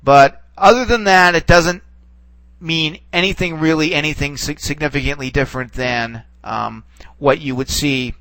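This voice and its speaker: A man teaching a recorded lesson, relaxed and reassuring, who stops and restarts often and checks in with "okay.". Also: fairly high pitch, dry recording, low-quality recording. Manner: halting, full of restarts and "okay"s. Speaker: Greek teacher. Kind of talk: recorded classroom lecture.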